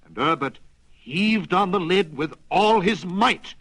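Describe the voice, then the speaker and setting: A man's voice: high-pitched, lively intonation, takes it slowly, a bit bright, faint music behind, poor audio. Playful man reading a storybook. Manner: playful, dramatic read-aloud. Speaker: narrator. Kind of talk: storybook narration.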